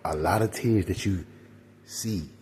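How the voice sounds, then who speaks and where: Man, very low voice, mellow dark tone, preachy rambling talk, faint background noise. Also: measured pace. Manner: preachy, rambling, addresses listeners as y'all. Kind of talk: casual spiritual monologue.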